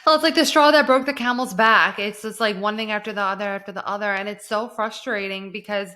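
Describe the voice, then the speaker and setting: A woman's voice: medium pitch, fast talker, sharp tone. A woman co-hosting a counseling podcast, responding in casual chat as a supportive, sympathetic listener. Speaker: podcast co-host, mental health counselor.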